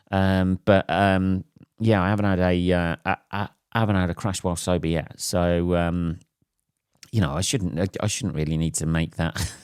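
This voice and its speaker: Low-voiced, sweary English comedian rambling. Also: male voice, clear, resonant tone, no echo, clean studio sound. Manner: profane, self-mocking storytelling with frequent fillers. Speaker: comedian and podcast host. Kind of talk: rambling solo podcast monologue. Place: at home late at night after a gig.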